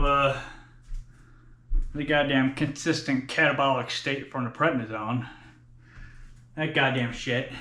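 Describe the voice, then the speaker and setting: Breathless between sets, a man in his forties films a workout vlog in an echoey gym, talking bluntly with plenty of swearing and sighs. His mid-range voice has a sharp tone.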